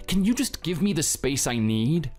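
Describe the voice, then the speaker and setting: A man's voice: fairly high pitch, big pitch swings, moderate pace, darkish tone, soft background music. A man playing a cold, defensive husband. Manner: curt, defensive and withdrawn. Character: grieving, cold husband Theo. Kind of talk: scripted drama voice acting.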